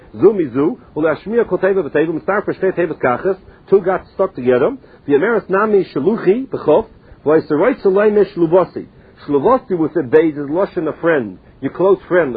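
Husky high-voiced man teaching Talmud. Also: phone-quality sound. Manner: sing-song study chant mixing languages. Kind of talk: Talmud lesson reading and translating text.

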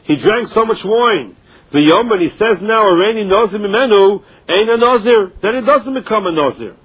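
A man's voice: high-pitched, lively intonation, moderate pace, husky. A man teaching a Talmud lesson, reading the text in a study chant and explaining it in English. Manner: mixes Aramaic and Hebrew terms into English, explaining in a chanting study rhythm. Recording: dull lo-fi recording.

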